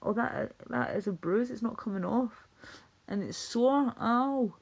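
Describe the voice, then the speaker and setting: A woman's voice: fairly high pitch, measured pace, gravelly, husky. A woman livestreamer in casual, rambling chat, reading out chat messages and laughing often. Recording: dull lo-fi stream audio.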